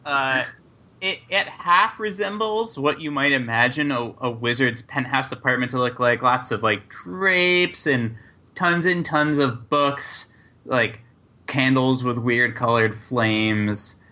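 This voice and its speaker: A man narrating as game master in a tabletop game, halting and full of fillers. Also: mid-range voice, pushed and bright. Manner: unhurried, halting, lots of fillers.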